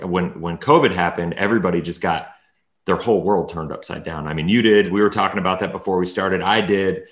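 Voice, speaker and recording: A man's voice: low voice, echoey room. A man hosting a casual interview, talking in a rambling way with many restarts. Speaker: podcast host.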